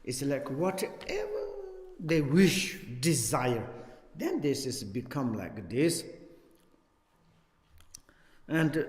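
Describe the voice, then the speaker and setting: Slow-speaking teacher in an echoey hall. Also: male voice, medium pitch, huge pitch swings. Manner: halting non-native English, chuckles often, recites text in Tibetan. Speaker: Buddhist teacher. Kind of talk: Dharma teaching with chanted recitation. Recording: echoey hall with long reverb.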